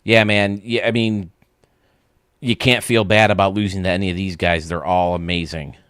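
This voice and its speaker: A man's voice: low voice, flat delivery, moderate pace, a bit bright, clear, resonant tone, no echo, clean studio sound. A man hosting a live stream, chatting casually and ranting bluntly, often restarting his sentences.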